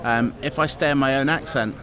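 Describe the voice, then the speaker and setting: A man's voice: mid-range voice, fairly even intonation, a little fast, crowd noise. A man from England, an improviser and presenter, earnestly answering interview questions outdoors in a town.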